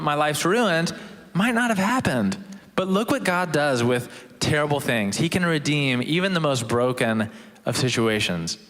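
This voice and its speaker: A man's voice: a little high, a bit bright. A young man giving a casual, joking testimony talk as a chapel guest speaker. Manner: casual, joking, self-deprecating. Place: university chapel. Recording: long hall reverb.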